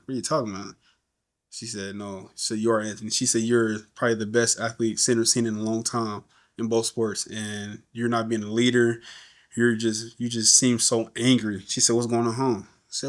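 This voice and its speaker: A middle-aged man, a podcast guest, telling a story in casual talk and acting out the voices of the people he quotes. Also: medium pitch. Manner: animated, acts out quoted voices.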